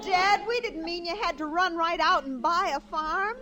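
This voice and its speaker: An actress playing an exasperated, reproachful young adult daughter in a 1940s radio sitcom. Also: female voice, extremely high pitch, normal speed. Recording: hissy 1940s radio recording.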